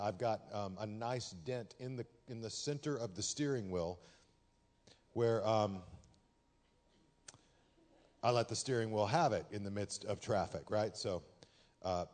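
A man from Texas, a pastor preaching a sermon in a conversational, humorous way that turns loud and animated when he tells stories. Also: fairly low pitch. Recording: long hall reverb.

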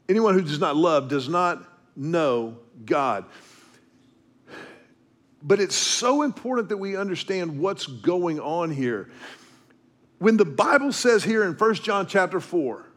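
Slow, high-voiced male pastor preaching. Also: a bit bright. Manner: storytelling and preaching, slows down for emphasis. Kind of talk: sermon.

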